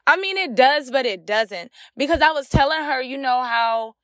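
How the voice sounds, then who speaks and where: Candid young woman, higher voice. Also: lively intonation, moderate pace, fairly bright tone, dry recording, clean studio sound. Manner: raw, emotional storytelling with many fillers. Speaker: podcast host. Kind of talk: candid solo podcast monologue.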